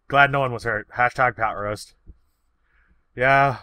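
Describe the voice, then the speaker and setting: Man, casual Q&A, rambling, profane, easygoing, bright voice, dry sound. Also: mid-range voice, slow pace, no echo. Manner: easygoing and unpolished. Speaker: YouTuber answering viewer questions. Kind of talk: casual chat.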